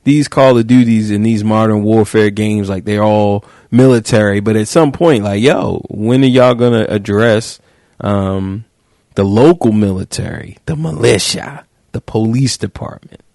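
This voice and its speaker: A man hosting a podcast, riffing in a joking, slangy, animated way. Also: lowish voice, unhurried, no room sound, clean studio sound. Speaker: podcast host. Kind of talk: casual podcast chat.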